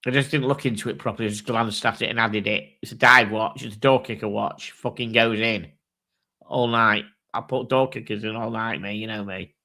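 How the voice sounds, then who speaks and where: Hosting a casual livestream chat, a man speaks fairly quickly in a fairly low, sharp voice with fairly even intonation. He muses aloud, swears casually, and reads off watch specs and prices.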